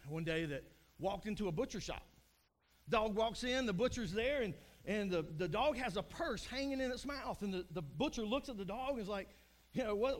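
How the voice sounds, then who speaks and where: Chatty middle-aged pastor guy, fairly high voice, jokes around and acts out little voices. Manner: chatty, self-deprecating, acts out joke voices. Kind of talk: sermon.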